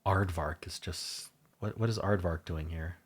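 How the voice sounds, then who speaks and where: A man's voice: low voice, fairly even intonation, a little slow, slightly rough. A man hosting a puzzle video, thinking aloud in a casual, unsure way as he works through a word game. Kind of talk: casual solo puzzle commentary.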